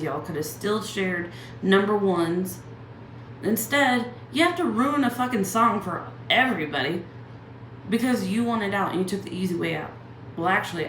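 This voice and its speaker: A woman's voice: mid-range voice, echoey room, slight background noise. A young woman ranting heatedly to the camera, swearing constantly and firing off rhetorical questions. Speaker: channel host ranting. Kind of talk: angry profane rant to camera.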